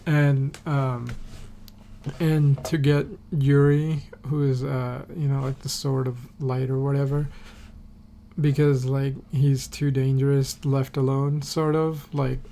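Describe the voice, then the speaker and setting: A man's voice: medium pitch, level tone, unhurried, creaky, mellow, a little hiss or hum. A man recapping a TV episode on a podcast in a casual, rambling way, full of fillers and casual swearing. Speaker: podcast host.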